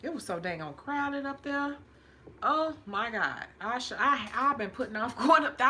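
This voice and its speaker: A woman's voice: fairly high pitch, expressive, moderate pace, sharp tone, slight background noise. A woman from hosting a casual livestream as a nail technician, chatty and emphatic, repeating her points and laughing often.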